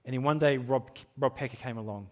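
A man's voice: medium pitch, fast talker. A middle-aged man preaching a sermon in a church, candid and self-deprecating, laughing at himself and often restarting his sentences. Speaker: pastor.

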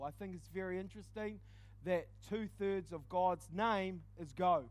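A man preaching, telling a personal testimony in an animated storytelling way with quick dips into quiet asides. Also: high voice. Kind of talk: testimony sermon.

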